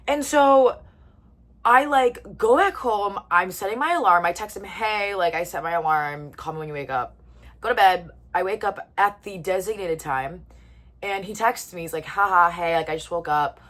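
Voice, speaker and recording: A young woman in her twenties telling a story to the camera in a casual, chatty way, full of "like" and pausing to eat. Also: on the low side, fairly bright tone. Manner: chatty, lots of "like", eating while talking. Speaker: vlogger.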